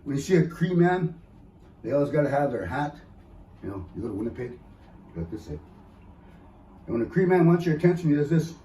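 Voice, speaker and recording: A man's voice: on the high side, expressive, fast talker, pauses often, dark tone. Joking man, echoey from afar. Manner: joking, teasing, drops into mock voices. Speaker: stand-up comedian. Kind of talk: stand-up comedy set. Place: event hall. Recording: echoey room heard from a distance.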